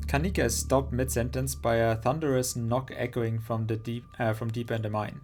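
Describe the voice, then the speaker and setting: A man streaming a narrative game, reading its narration aloud and reacting with animated, joking comments. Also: mid-range voice, normal speed, hardly any pauses, faint music behind.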